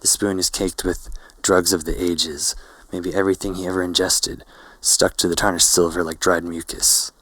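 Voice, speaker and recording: A man narrating a novel in first person, in a slow, hazy, poetic way. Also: low-pitched, flat delivery, fairly bright tone, dry recording, rough recording.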